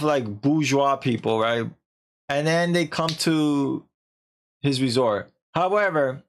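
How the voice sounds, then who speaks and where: A male streamer rambles through a game's plot in loose, slangy talk. He stops, restarts and keeps dropping "like". He tosses off the characters' lines in a jokey way. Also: medium pitch. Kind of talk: casual retelling of a game story.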